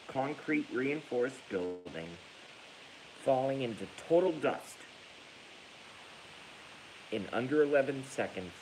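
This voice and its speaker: Reading viewer comments on a livestream, a man rants in anger, cursing frequently and bursting out laughing. His mid-range, darkish voice comes through a low-quality recording with a little hiss or hum.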